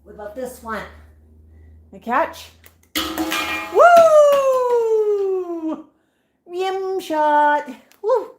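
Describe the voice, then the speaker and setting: A woman's voice: sits high, expressive, takes it slowly, long pauses. A woman playing catch with her pet birds and talking to them in doting baby talk. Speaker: pet parrot owner. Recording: echoey room with clear noise.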